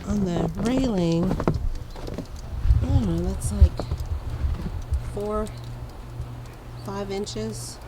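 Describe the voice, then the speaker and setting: A middle-aged woman, sick and hoarse, chatting in a rambling way with frequent laughs while feeding chickens outdoors. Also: mid-range voice. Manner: slow, rambling, laughs often. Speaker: vlogger. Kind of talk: casual vlog chat. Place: outdoors in a snowy yard with chickens. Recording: outdoor background noise. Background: outdoor ambience with animals.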